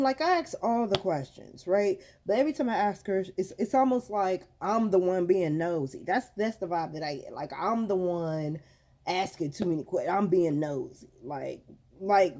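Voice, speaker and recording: A woman's voice: lowish voice, moderate pace. A woman ranting to her viewers in a casual vlog, telling a story animatedly, acting out what she said and calling the audience girl and y'all. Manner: animated storytelling, acts out quotes. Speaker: mom vlogger.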